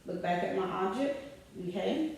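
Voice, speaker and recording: A woman, a nursing student, calmly demonstrating a physical assessment, stating findings aloud and giving the patient simple instructions. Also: mid-range voice, moderate pace. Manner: methodical, calm, narrating findings aloud while instructing the patient. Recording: very echoey room, picked up from a distant mic.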